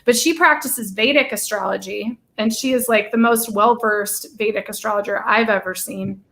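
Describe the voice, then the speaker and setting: A woman hosting a casual live-stream chat, bubbly and gushing, running off on quick tangents. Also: medium pitch, gravelly, fairly bright tone.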